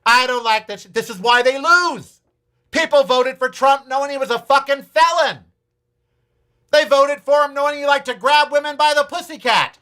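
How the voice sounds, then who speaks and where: A man's voice: very high voice, normal speed, sharp tone. A man hosting a political talk show, ranting with profanity, sarcasm and repeated challenges to his audience. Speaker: podcast host.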